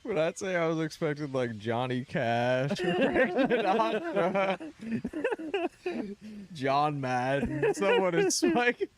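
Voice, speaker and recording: Co-host guy with a highish bouncy voice, dry teasing jokes, laid-back banter. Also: huge pitch swings, takes it slowly. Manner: dry, teasing one-liners. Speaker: comedy podcast co-host. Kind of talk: casual banter.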